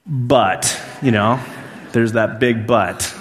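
A man's voice: mid-range voice, slow, slight background noise. Man preaching in a reverberant church hall. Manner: conversational storytelling, swinging between lively and hushed. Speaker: pastor. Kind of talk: sermon. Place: church sanctuary. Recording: long reverb of a large hall.

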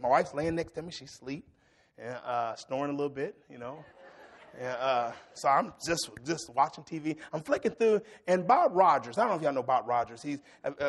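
Middle-aged male preacher, gravelly and high, animated storyteller who works the congregation. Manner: animated storytelling, shouting at peaks, call-and-response with congregation. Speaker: pastor. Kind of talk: sermon.

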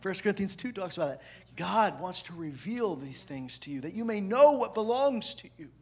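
A man preaching a sermon, animated, swinging between loud emphatic lines and hushed asides. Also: high voice, normal speed. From parents from the American South. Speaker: pastor.

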